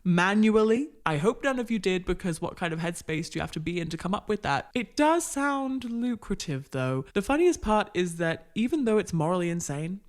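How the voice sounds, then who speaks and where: A video essayist giving mock-academic commentary in a wry, deadpan manner. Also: mid-range voice, fairly quick, hardly any pauses.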